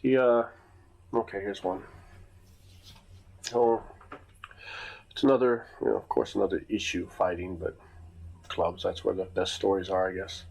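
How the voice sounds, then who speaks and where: A man with a husky, slightly low voice tells a casual story from his days running security at a club. He rambles, piles on fillers and often restarts his sentences. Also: little pitch movement, measured pace, pauses often, a little mellow, low-quality recording. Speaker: nightclub security boss.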